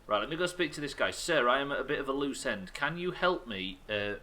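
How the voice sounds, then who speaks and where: An English-accented streamer rants sarcastically through his gameplay, swearing freely. His voice is bright and forceful. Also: medium pitch, animated, brisk. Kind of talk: live gameplay commentary.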